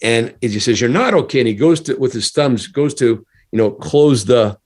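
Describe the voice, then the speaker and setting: A man's voice: medium pitch, moderate pace, a little mellow. A middle-aged American man, a former stuntman, telling a story casually, laughing often and acting out quotes. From United States.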